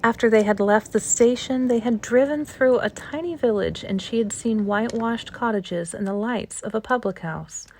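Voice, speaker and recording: A woman's voice: a little high, vocal fry, dry recording. Woman reading a classic storybook aloud. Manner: steady, even-paced reading. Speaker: storybook reader. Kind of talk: calm audiobook narration.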